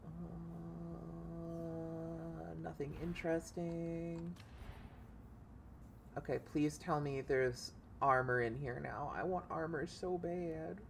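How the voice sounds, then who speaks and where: A woman streaming a video game, excitable and swearing freely as she thinks aloud about her loadout. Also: low voice, slow pace, a little hiss or hum. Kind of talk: casual gameplay commentary.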